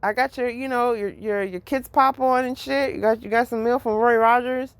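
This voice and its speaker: A woman's voice: a little high, steady tone, moderate pace, clear, resonant tone, dry recording, lightly acted. A woman voicing God as a soothing road-trip dad. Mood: reassuring. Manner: soothing, casual, slangy. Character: God as a calm, reassuring male parent driving a road trip.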